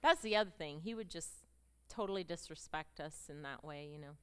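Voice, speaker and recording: A middle-aged woman speaks on stage, giving a heartfelt personal testimony to a women's gathering. Her voice is bright and crisp, and she brings the story to life with emotional delivery and acted-out dialogue. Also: sits low, normal speed. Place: stage presentation with slides.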